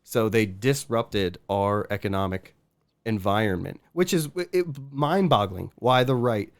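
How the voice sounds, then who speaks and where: A man from the United States co-hosting a podcast, explaining things haltingly with many fillers. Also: on the low side, dry recording. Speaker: podcast co-host. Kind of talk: casual chat.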